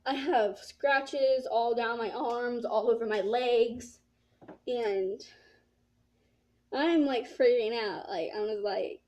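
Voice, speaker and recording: A woman's voice: fairly high pitch, slow, darkish tone. A teenage girl telling a casual story-time vlog, rambling and saying "like" a lot. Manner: rambling, filled with "like". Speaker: vlogger.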